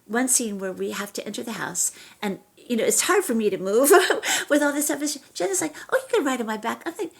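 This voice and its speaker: A middle-aged actress chatting as an interview guest, telling animated stories and often restarting her sentences. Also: fairly high pitch, brisk, vocal fry, hardly any pauses, slightly rough. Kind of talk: casual interview chat.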